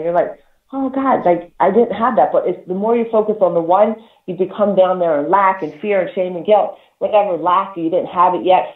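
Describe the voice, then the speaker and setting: Spiritual radio host, swears a lot, stumbles and repeats, sounds thin and phone-like in a roomy echo. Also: medium pitch. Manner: profane, emphatic, repeats words, laughs between points. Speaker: spiritual talk show host. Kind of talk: casual spiritual advice talk. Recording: echoey, tinny phone-like line.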